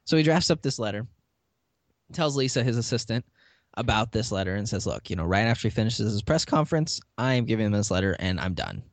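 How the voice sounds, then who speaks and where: A man hosts a podcast, speaking fast in a low voice while casually recapping a TV episode. He brings the characters' lines to life and laughs as he goes. The recording has no room sound.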